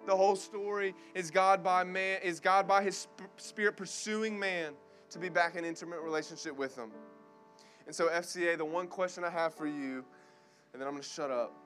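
A young man with a high, bright-pitched voice delivers a sermon with urgent, repetitive fervor. Soft guitar music plays faintly underneath. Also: steady tone, moderate pace. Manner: urgent, repetitive, fervent preaching. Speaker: guest preacher. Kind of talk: sermon to college students.

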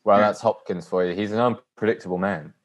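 On a laid-back film podcast, a man with a lowish, fairly even voice talks fairly quickly, with a slight hiss or hum in the audio. As co-host, he cracks jokes and performs lines in character.

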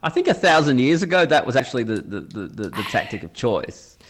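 A man's voice: medium pitch, sing-song, a little fast, background noise. A man with an Australian accent chatting casually, acting out quoted lines in put-on voices. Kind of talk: casual chat.

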